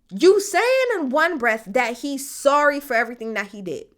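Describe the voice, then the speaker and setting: Young female commentator, bright and lively delivery, blunt and profane. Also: fairly high pitch, normal speed. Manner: blunt, exasperated, heavy swearing. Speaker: commentator reacting to a court case.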